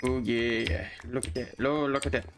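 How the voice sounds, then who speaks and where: A man streams gameplay and keeps up casual banter, teasing viewers, answering chat, and laughing frequently. His mid-range voice is a bit bright with fairly even intonation at a moderate pace, over slight background noise.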